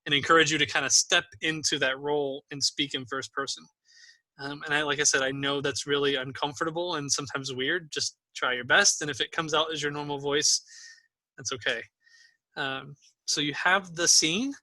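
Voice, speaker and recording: Bright-voiced man running a tabletop game. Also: a little high, steady tone, normal speed, no room sound. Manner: patient, encouraging, with frequent ums. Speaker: game master. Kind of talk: explaining a tabletop game to new players.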